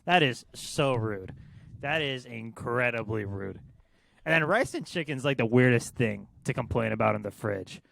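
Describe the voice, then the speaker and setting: A man's voice: mid-range voice, animated, moderate pace, vocal fry, a bit bright. A young man co-hosting a podcast, giving crude, blunt opinions in a rambling way. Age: young adult. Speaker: podcast co-host. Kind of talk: casual chat.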